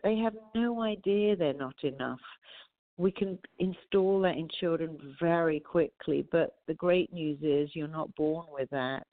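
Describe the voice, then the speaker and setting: A woman therapist with a low voice talks through a tinny, phone-like line. She tells lively stories and acts out her clients' voices. The sound is dry and close. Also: a little slow, no echo. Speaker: therapist and author, guest. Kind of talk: interview conversation.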